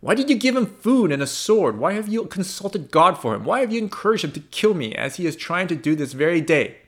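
A man voicing a furious, paranoid king who shouts his accusations during a sermon reading. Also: medium pitch, lively intonation, a little fast, close to an everyday voice. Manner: shouting, demanding.

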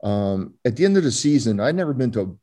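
A man's voice: mid-range voice, sing-song, fast, mellow. An older man from Florida, a former ballplayer telling stories in an interview, rambling with many fillers and restarts. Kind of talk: storytelling interview.

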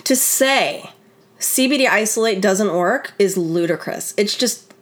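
A middle-aged woman hosts a podcast in a loose, chatty way. She talks to her listeners as friends, animated and full of casual asides. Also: medium pitch, unhurried. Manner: chatty, animated, many "like" and "you guys". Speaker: podcast host. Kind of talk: casual chat.

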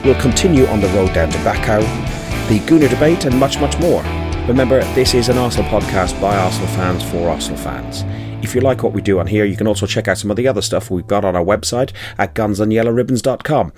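A man's voice: lowish voice, quick pace, music in the background. Tired Irish man hosting a podcast. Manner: joking, rambling, self-mocking. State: tired after a long drive and a late night. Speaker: podcast host. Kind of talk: casual chat.

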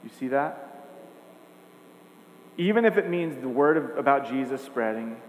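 A man's voice: medium pitch, lively intonation, a little slow. A man preaching a sermon, earnest and emphatic, building points with repeated phrases. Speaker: pastor. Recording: echoey hall, faint hum.

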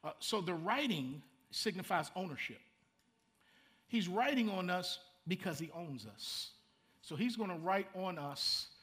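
A man's voice: sits high, fairly bright tone. A middle-aged man, preaching a sermon in a conversational way, repeating words and making asides to the congregation. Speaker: pastor.

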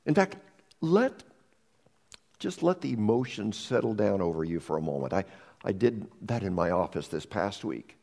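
A man preaching a sermon as pastor, moving between dramatic rises and hushed near-whispers, often repeating the first words of a phrase. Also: fairly low pitch, big pitch swings, normal speed, gravelly.

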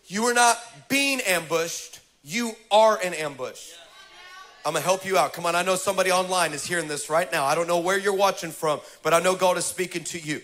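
A man preaching a sermon as pastor, animated and loud, shouting lines and laughing through quick asides. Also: high voice. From Mexican heritage. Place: church stage.

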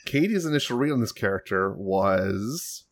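A man co-hosting a casual podcast, summarizing the plot with sarcastic, deadpan jokes. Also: on the low side, moderate pace. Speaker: podcast co-host. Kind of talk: casual chat.

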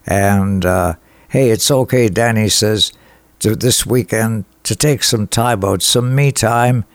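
A man hosting a radio show, introducing songs and reading listener greetings in an enthusiastic, halting way full of fillers. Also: on the low side, no room sound. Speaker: radio host. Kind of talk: radio dedications and song intros.

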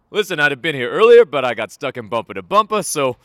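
A man's voice: fairly high pitch, big pitch swings, brisk, fairly bright tone, dry recording, studio quality, voice pushed up. A man doing a brash mock-Boston tough guy. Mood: cocky. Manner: gruff, cocky, laughing through it. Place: converted warehouse training center.

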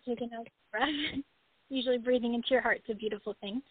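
A woman's voice: fairly high pitch, slightly rough, dry recording. A woman guest in a casual interview, upbeat and laughing often, heard over call audio. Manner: upbeat, laughs often, acts out animals' thoughts. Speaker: guest, horse wellness practitioner. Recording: tinny phone-like call audio, dry.

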